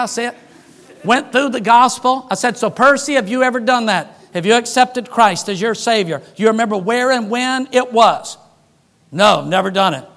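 A man preaching a sermon, an animated storyteller who jokes and acts out the dialogue in his stories. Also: high voice.

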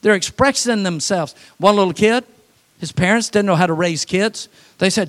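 A man preaching a sermon, telling folksy, humorous stories and laughing at them, swinging from animated to quiet and soft for emphasis. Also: sits high, moderate pace. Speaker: pastor.

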